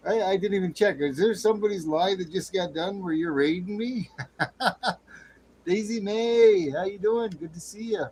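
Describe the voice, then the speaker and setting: A man hosting a late-night livestream chat in a folksy way, greeting viewers with loud whoops. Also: high voice, normal speed, husky, rough recording. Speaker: livestream host. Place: home studio with air conditioner running. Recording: faint air conditioner hum.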